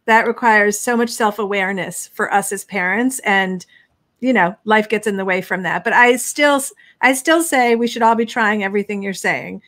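A woman hosting a live online interview, asking quick, eager questions. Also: mid-range voice, fairly bright tone. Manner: quick and eager, laughs readily. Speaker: host. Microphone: online live stream.

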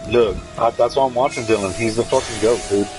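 A man streaming a horror game, talking casually and excitedly with lots of swearing as he hypes up another player. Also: mid-range voice, brisk, poor audio. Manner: excitable, profane, hyping a fellow player. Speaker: gaming streamer. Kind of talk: casual gameplay commentary. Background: game music.

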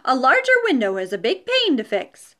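A woman's voice: high voice, huge pitch swings, moderate pace, a bit bright, exaggerated voice. Woman reading as a cheerful literal-minded housekeeper.

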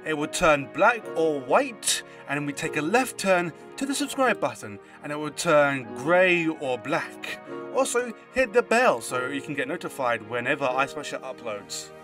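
A man's voice: a little high, big pitch swings, measured pace, music in the background, pitched below the performer's own voice. A man doing a formal male GPS voice. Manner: stiff, announcer-like directions.

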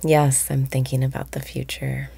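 A woman guiding a meditation, speaking slowly and softly, often breathy and whispered. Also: extremely low pitch, flat delivery. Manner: slow, soft-spoken, often breathy and whispered. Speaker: meditation guide. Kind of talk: guided meditation.

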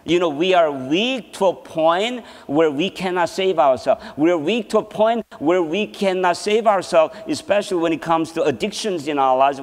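A man's voice: fairly high pitch, animated, normal speed, few pauses. Man preaching in a reverberant hall. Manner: laughs often while telling a personal story. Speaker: seminar presenter. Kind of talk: storytelling sermon. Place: church hall.

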